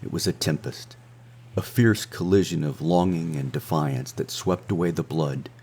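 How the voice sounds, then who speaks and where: Brief: male narrator, husky and low, measured dramatic read. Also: darkish tone. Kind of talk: scripted audiobook narration. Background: faint music.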